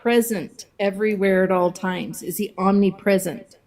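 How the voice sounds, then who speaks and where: A woman's voice: medium pitch, steady tone, moderate pace, a little mellow. A woman guest in a casual podcast chat, earnest and making suggestions. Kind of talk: casual group chat on a call.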